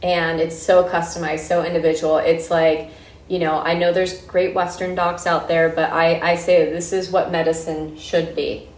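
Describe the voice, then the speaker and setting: A woman's voice: lowish voice, flat delivery, moderate pace. A woman hosting a podcast, chatting casually and enthusiastically with lots of "like" fillers. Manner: gushing, filler-heavy with many "like"s. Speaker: podcast host. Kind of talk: casual interview. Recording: roomy echoey sound.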